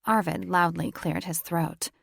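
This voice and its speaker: A woman narrating a romance audiobook with a gravelly, fry-edged voice pitched a little low. Her delivery is measured and even. The sound is close and dry. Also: no room sound. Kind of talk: scripted narration.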